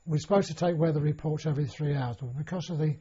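Older man with a husky, mellow voice. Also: on the high side, fast. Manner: rambling, many restarts and fillers. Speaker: interviewee. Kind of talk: oral history interview. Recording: dull lo-fi recording.

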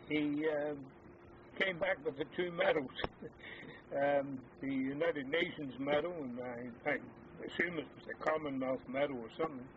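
Older man reminiscing, halting, tinny lo-fi. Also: a little high. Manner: hesitant, halting with many fillers. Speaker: army veteran. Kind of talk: oral history reminiscence. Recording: tinny phone-like lo-fi with faint hiss.

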